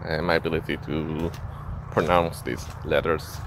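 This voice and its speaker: Low slow israeli guy, hebrew native, kinda american accent, halting vlog talk, street sounds behind. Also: level tone. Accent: Israeli, leaning American. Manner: halting, thoughtful, many pauses. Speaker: vlogger. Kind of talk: casual reflective monologue. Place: outdoors near a street. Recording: outdoor street noise.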